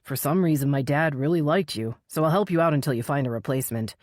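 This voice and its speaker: A woman voicing a proud, grieving young man whose voice is deep and solemn. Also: fast, a little mellow, no echo, clean studio sound, natural voice. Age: young adult.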